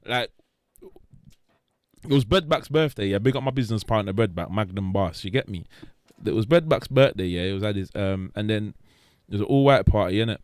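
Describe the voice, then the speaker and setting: A London man talks through his club stories in thick slang, breaking into laughs and acting out the people in them. His voice rides up and down a lot and sounds smooth, recorded close and dry. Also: on the low side, animated, normal speed, no echo. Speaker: guest DJ and promoter. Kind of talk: animated storytelling chat.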